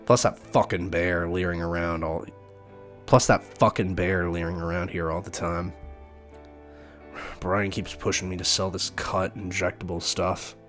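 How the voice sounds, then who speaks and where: A man's voice: low-pitched, level tone, unhurried, a bit bright, faint music behind. A man voicing a cussing young bat guy. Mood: weary, anxious. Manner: swearing, stern and defensive. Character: small, jittery young male bat dealer.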